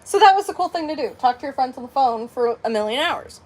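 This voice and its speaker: A woman's voice: high-pitched, fast. A woman in her late twenties telling a personal story in casual, rambling chat, full of "like" and "um". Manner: rambling, heavy on "like" and "um", with animated quoted dialogue. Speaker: crafting channel host.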